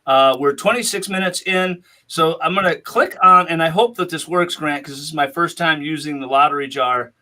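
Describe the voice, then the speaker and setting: A chatty man hosts a relaxed podcast chat. His voice sits high and sounds bright and forceful, and his talk rambles with frequent laughter. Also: normal speed, few pauses. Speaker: podcast host.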